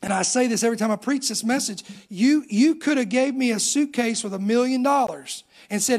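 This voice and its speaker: Casting: middle-aged male pastor, very high-pitched voice, animated storytelling sermon delivery. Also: fairly quick, few pauses. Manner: animated storytelling preacher, voice rising on emphasis.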